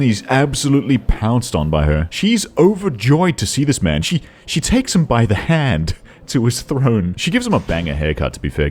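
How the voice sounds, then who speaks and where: A young man giving sarcastic comedic commentary on videos, breaking into high yelling outbursts. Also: a little hiss or hum. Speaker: YouTube commentator.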